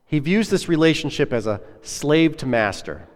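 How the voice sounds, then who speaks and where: A man's voice: a little high, sing-song, moderate pace. A man preaching a sermon as a pastor, earnest and conversational, putting questions to his listeners. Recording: echoey hall with long reverb.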